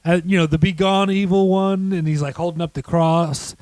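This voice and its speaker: A man co-hosting a podcast, chatting casually about a movie, animated and swearing, acting out quotes. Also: high voice, normal speed. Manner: animated, acts out quotes in shrieking voices, swears. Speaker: podcast co-host. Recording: dry close-miked home studio.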